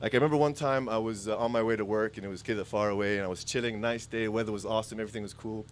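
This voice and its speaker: A man's voice: lowish voice, steady tone, very fast, a little hiss or hum. Rambling self-mocking stand-up comic man. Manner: rambling, self-mocking storytelling with jumpy voiced impressions. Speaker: stand-up comedian. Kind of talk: stand-up comedy set. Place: stage before a live audience.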